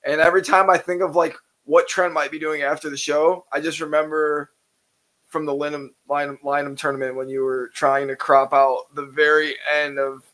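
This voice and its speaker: Man, podcast guest, casual chat, higher pitch, relaxed and chatty. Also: brisk, rough recording. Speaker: podcast guest, camera operator.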